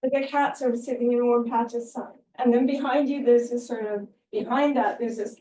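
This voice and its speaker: Woman, conference talk, halting and heartfelt, dark mellow tone, roomy echo from a distant mic. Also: on the high side, fairly even intonation. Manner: halting, heartfelt, many fillers. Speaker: invited speaker. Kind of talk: conference tribute speech. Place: lecture room. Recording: echoey room, distant mic.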